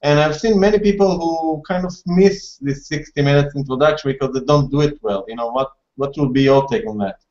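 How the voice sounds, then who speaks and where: A man's voice: fairly high pitch, brisk, hardly any pauses, darkish tone. Man asking winding questions, echoey. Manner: asks long winding questions. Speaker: interviewer, host. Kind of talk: interview questions. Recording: echoey muffled room sound.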